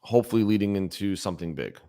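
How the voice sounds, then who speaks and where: A man's voice: lowish voice, expressive, quick pace, dark tone. A man co-hosting a casual boxing chat, blunt and opinionated, repeating his points. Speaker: boxing podcast co-host.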